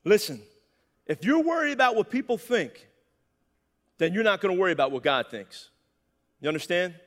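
A man preaching a lively sermon, often calling out "amen" to the congregation. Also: high voice, moderate pace, in a large hall. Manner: animated, calls for "amen". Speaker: pastor.

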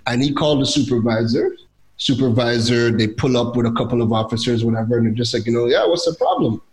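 A young man from Trinidad, telling a personal story in a casual chat as a guest, animated and quoting others. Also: mid-range voice, fast talker. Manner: animated, lively retelling with quoted voices.

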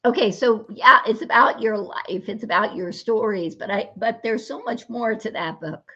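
A woman's voice: on the high side, moderate pace, bright, forceful tone, muffled recording. A woman hosting an interview, encouraging her guest with frequent affirmations. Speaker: host. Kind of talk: casual interview talk.

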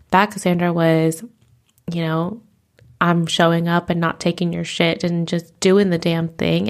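A woman's voice: lowish voice, vocal fry. A woman in her thirties hosting a podcast, talking candidly and emotionally about herself, close to tears at times. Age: 30s. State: teary. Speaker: podcast host. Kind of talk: reflective personal monologue.

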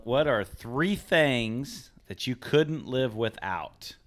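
A man's voice: mid-range voice, expressive, slow. A middle-aged man co-hosting a casual family podcast. He jokes and laughs often as he asks questions. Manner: jokey, laughs often while asking questions. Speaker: podcast co-host. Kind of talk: casual chat.

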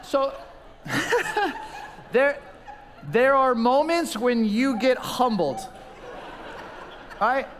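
A man in his forties preaching a sermon in an animated, humorous storytelling way. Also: very high voice, slow pace, long pauses, long reverb tail, background noise. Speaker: pastor.

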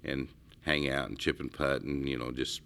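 Very deep-voiced rambling man. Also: fairly even intonation, normal speed, creaky, a bit bright. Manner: rambling, storytelling, frequent restarts. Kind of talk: casual conversation.

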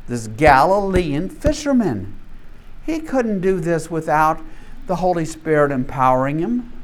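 A man's voice: on the high side, very animated, measured pace, slight background noise. A man teaching a Bible class, emphatic, often restarting and repeating his words.

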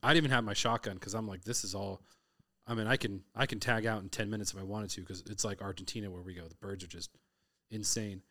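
A man's voice: on the low side, fast talker. A middle-aged man from Southern California, a hunter, telling stories in casual conversation and acting out the quotes. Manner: lively storyteller who acts out quotes.

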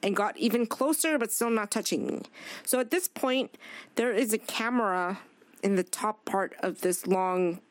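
A woman talks frankly and swears often while she recounts conversations. Her voice sits at a middle pitch. The recording is dry and close, with almost no room echo. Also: normal speed. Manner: candid, swears freely, retells dialogue. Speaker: podcast guest; chef. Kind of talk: casual chat.

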